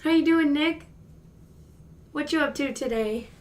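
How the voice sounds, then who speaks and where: A woman's voice: high voice, a little slow. A woman hosting a home livestream, talking playfully to her cats and greeting viewers. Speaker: livestream host. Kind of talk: casual chat playing with her cats. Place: indoor room at home. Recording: echoey room, mic far off.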